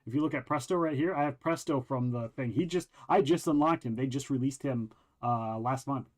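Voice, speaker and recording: A man hosting a show, casually chatting while walking through a video game, rambling with many pauses and restarts. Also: medium pitch. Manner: rambling, relaxed, lots of ums and restarts. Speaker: show host. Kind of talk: casual game walkthrough chat.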